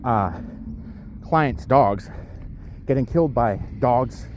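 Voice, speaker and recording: A man's voice: medium pitch, slow, a little mellow, slight background noise. A man talking casually into his camera while walking his dog outdoors, a bit out of breath from the uphill walk and rambling with lots of fillers. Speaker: powerlifter vlogging his day.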